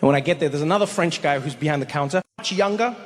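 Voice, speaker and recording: A man's voice: on the high side, racing. A male stand-up comedian telling a story animatedly, acting out characters on a live stage. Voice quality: animated, acts out characters, stammering restarts. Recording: live stage, long hall reverb.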